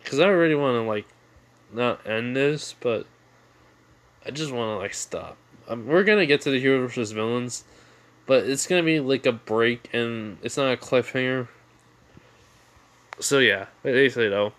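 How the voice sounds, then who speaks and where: Young male storyteller, rambling casual retelling, mid-pitched voice. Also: normal speed, long pauses, a bit bright. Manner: rambling, full of fillers and restarts. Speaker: fan storyteller.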